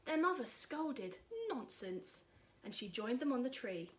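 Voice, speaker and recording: A woman reading a rhyming picture book aloud in an expressive, rhythmic way. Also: fairly high pitch, moderate pace, noisy background. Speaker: storyteller.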